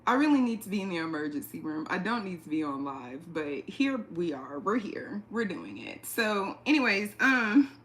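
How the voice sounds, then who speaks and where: A woman hosting a casual livestream from her apartment, talking straight into a phone or webcam, blunt and profane, laughing quickly and reading the chat aloud. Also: fairly low pitch, very animated, fairly bright tone. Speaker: livestream host. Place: indoors at home, an apartment.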